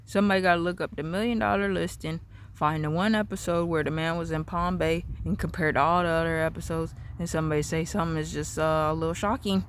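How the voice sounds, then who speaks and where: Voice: medium pitch, steady tone, fast, a little hiss or hum. A vlogger talking in a casual, rambling, repetitive monologue outdoors in a backyard. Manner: rambling, repetitive, free-associating.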